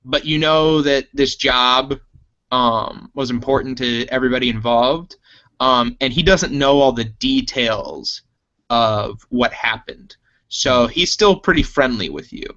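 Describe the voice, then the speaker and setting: A man narrating a tabletop role-playing game as game master, unhurried and full of ums and uhs. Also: medium pitch, bright, forceful tone, smooth, muffled recording. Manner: unhurried, filler-heavy narration.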